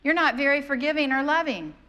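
A middle-aged woman delivers a sermon in a storytelling, conversational way. Her voice sits a little high for a woman, and she slips into other people's voices as she tells her stories. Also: a little fast. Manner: animated, conversational, acts out quoted voices. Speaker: pastor.

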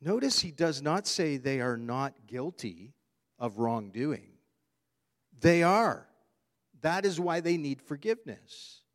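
A man's voice: on the high side, big pitch swings, slow pace. A man preaching a sermon, earnest and emphatic, repeating his key phrases for weight. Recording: long hall reverb.

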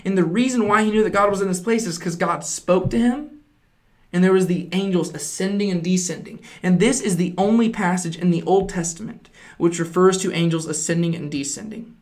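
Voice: mid-range voice, fairly quick, a little mellow. A Bible teacher explaining a passage earnestly, stressing points with repeated phrases and frequent "right?" check-ins.

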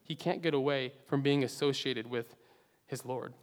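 A man preaching a sermon earnestly, swinging between loud emphatic phrases and hushed low endings. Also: moderate pace. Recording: long hall reverb.

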